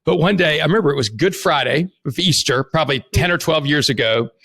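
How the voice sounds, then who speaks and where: Bright-voiced man telling stories. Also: on the high side, animated, fast talker, husky. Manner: storytelling, candid, swears casually. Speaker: podcast host. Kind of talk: casual interview chat.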